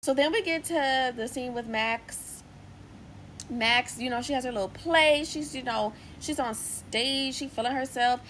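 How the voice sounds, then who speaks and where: A young woman casually recapping a TV episode, chatty and full of "like" and lively asides. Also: high voice, measured pace, a little hiss or hum, poor audio. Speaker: TV series reviewer. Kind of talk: casual episode review vlog.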